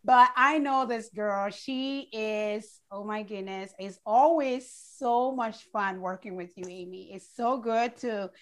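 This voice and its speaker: This is an effusive woman hosting a casual chat show. Her voice sits a little high. She bubbles over with excitement and keeps repeating her praise. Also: takes it slowly, few pauses. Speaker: show host.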